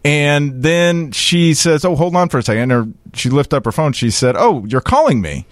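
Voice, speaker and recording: Animated man telling a story. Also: a little high, moderate pace, dry recording, clean studio sound. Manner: animated, acts out dialogue in a lively storytelling voice. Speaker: podcast host. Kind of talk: casual storytelling chat.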